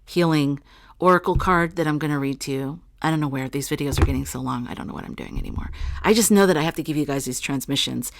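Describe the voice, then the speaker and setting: Low-voiced chatty woman vlogger. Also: fast, gravelly, background noise. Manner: chatty and rambling, addresses viewers directly. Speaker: spiritual channel host. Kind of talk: casual spiritual vlog, reading oracle cards.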